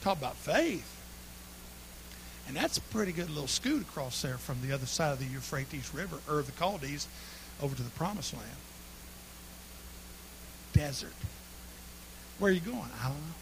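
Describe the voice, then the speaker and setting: A man preaching a humorous sermon, telling folksy stories with sudden bursts of shouting and laughter. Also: a little high, sing-song, moderate pace, creaky, long pauses, slight background noise.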